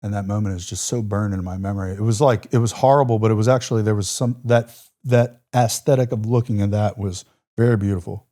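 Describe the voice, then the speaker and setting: A man's voice: lowish voice, steady tone, quick pace, mellow. A man in his forties, a military veteran telling war stories as a podcast guest, vivid and reflective, with casual fillers. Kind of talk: podcast interview storytelling.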